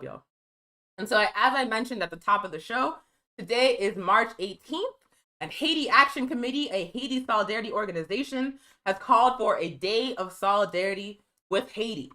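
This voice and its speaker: A woman hosting a live political news stream, talking fast and emphatically, calling her viewers y'all and reading from a press release. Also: fairly high pitch, bright, forceful tone, poor audio.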